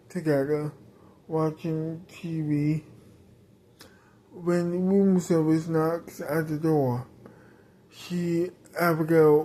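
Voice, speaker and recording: Slow, mellow-voiced woman telling a story. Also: low-pitched. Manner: rambling, many fillers and restarts. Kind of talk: improvised story narration.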